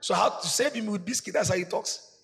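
A man with a Ghanaian accent preaching a sermon, swinging between loud shouts and low asides. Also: fast talker, big-room sound, faint music behind. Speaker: pastor.

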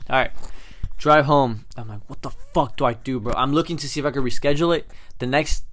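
Young guy on a podcast, telling a story all hyped, curses a lot, keeps going "bet", mid-pitched voice. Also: brisk. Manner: animated, swears a lot, keeps saying "bet". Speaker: podcast co-host. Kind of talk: casual chat, storytelling.

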